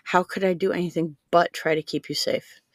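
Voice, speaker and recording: A woman's voice: lowish voice, fairly even intonation, fairly quick, dry recording, studio quality, natural voice. A woman voicing a protective middle-aged father who is his daughter's spy handler, blunt and persistent.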